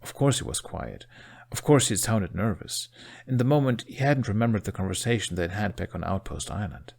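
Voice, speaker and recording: A man narrating a fan fiction audiobook. His low voice carries the story with expressive, steady storytelling. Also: brisk, creaky.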